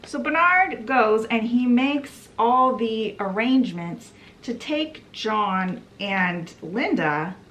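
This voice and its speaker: A woman's voice: on the high side, animated, takes it slowly, hardly any pauses, fairly bright tone. A woman who runs a book vlog, giving a chatty, casual book summary and putting on voices for the quotes. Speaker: book vlogger.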